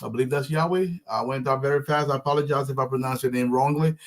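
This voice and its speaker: A man's voice: mid-range voice, little pitch movement, quick pace. A man hosts a casual live show, greeting viewers by name in a friendly, rambling way with many fillers and restarts. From Liberia. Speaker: show host.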